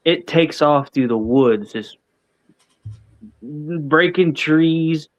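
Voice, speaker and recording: A man's voice: a little high, extremely slow, lo-fi sound. A man earnestly telling his story as a guest, repeating points for emphasis. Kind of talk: casual storytelling.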